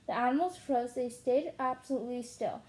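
A woman reads a children's book aloud as a storyteller. Her voice is slightly high and mellow rather than bright. She reads steadily, with small slips and restarts. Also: fairly quick, rough recording.

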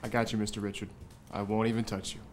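An actor playing a simple-minded young man who speaks slowly and haltingly. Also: fairly low pitch, flat delivery, slight background noise, lightly acted. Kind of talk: student film acting.

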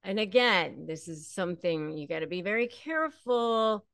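A woman speaks straight to the listener in an emphatic advice-giving tone, hammering home short phrases by repeating them. Her pitch sits mid-range for a woman. The recording is close and dry, with no room echo. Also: lively intonation, moderate pace, creaky, a bit bright. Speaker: attorney and channel host. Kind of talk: direct advice to camera.

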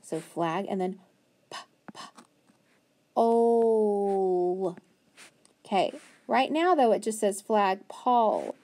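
A woman teaches young children a phonics lesson, patiently and encouragingly sounding out letters slowly. Her voice is medium-pitched, expressive and somewhat dark in tone.

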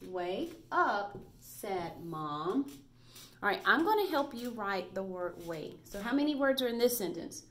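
A woman's voice: mid-range voice, very animated, a little slow. A woman teaching a recorded reading lesson to first graders, patient and praising as she spells out letters.

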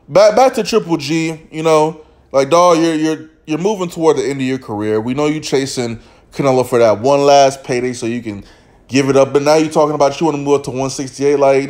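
A man vents to his camera, blunt and heavy with slang and swearing. His voice sits a little high for a man, and he mocks the people he talks about. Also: a little mellow. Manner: profane, blunt, slangy, mocking; reads a quote aloud in a stilted voice. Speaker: boxing commentary vlogger. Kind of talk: casual rant to camera.

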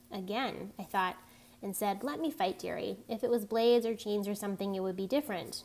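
A woman reading a novel chapter aloud, telling it plainly and evenly, with small rises for the dialogue. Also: mid-range voice. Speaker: reader.

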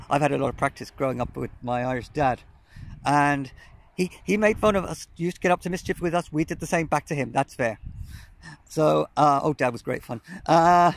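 A man's voice: mid-range voice, gravelly. A man chatting on a casual outdoor vlog, telling rambling stories with lots of fillers, recorded on a phone camera out in remote countryside. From Wales. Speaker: cycling vlogger.

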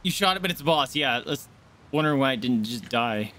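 A man streaming a game and commenting live, excitable, yelping and swearing as he plays. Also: medium pitch, brisk. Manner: excitable, yelps and swears mid-fight. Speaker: gaming streamer.

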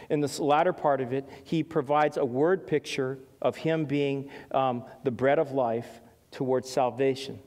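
A middle-aged man preaching a sermon in a conversational, animated way, telling stories with many ums and restarts. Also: on the high side. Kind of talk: sermon with personal storytelling. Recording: long hall reverb.

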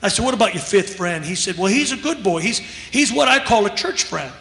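A man's voice: high voice, expressive, brisk, sharp tone. A man preaching a sermon in a church, telling a story emphatically and acting out both sides of a conversation. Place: church sanctuary. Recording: echoey church hall with long reverb.

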